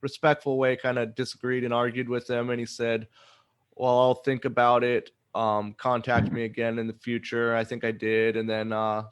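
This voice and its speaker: A man's voice: mid-range voice, monotone, moderate pace, clear, resonant tone. A man hosting a podcast, chatting casually and rambling with frequent self-corrections. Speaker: podcast host. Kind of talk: casual chat. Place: Oregon.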